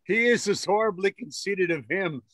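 A man reading a sly servant in a Zoom play reading, with a slow, wry delivery. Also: high-pitched, animated, a bit bright, no room sound. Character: sly male servant egging on a duel. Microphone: video call.

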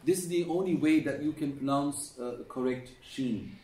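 A middle-aged man with a dark, mellow voice patiently drills students on pronunciation, repeating each sound as he coaches them. He is picked up from some distance in an echoey classroom, so the room rings around his words. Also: on the high side, normal speed. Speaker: Quran recitation teacher.

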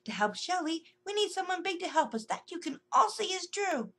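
A woman's voice: extremely high pitch, sing-song, a little fast, a bit bright, voice pushed up, exaggerated voice. A woman voicing a wise, bossy male animal friend who gives urgent commands. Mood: urging.

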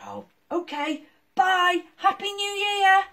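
A woman's voice: very high-pitched, slow, pushed and bright, voice pushed up, full character voice. A woman voicing an eager young male puppy on patrol, bouncy and sing-song. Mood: cheerful.

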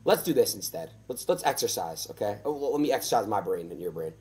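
Young male streamer hosting a guest, eager and rambling, pitch swinging widely. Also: sing-song, quick pace, a little mellow. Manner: eager, rambling, full of fillers and restarts. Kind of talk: casual interview on stream.

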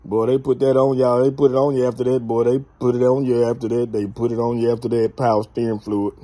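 A man's voice: mid-range voice, flat delivery, fast, dark tone, dry recording. A man giving a casual football recap, drawling and playfully trash-talking. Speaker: sports commentator vlogger.

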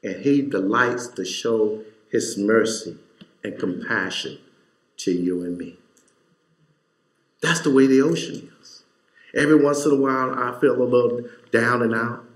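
A man's voice: medium pitch, a little slow. Man, pastor, sermon, folksy informal talk, fervent peaks, echoey church hall. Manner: storytelling, rising to fervent emphasis. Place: church sanctuary.

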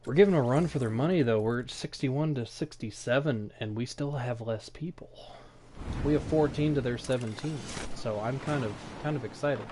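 A man's voice: medium pitch, normal speed, warm tone, a little hiss or hum. A man streaming live gameplay, chatting and playfully taunting opponents as he plays. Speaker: game streamer. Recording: game gunfire behind voice. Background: game gunfire and effects.

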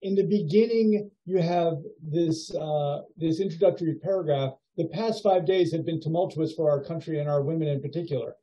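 A man teaching a writing workshop over a video call, giving feedback in a musing, halting way with many fillers. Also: fairly high pitch, dark tone. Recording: dull lo-fi video call audio.

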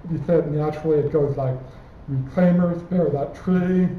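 A man walks through a technical example at a conference talk in a slightly high voice. He sounds far from the mic, thin and phone-like. The hall echo is strong, with faint noise behind. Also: moderate pace. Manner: explanatory, walking through a technical example step by step. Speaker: conference speaker.

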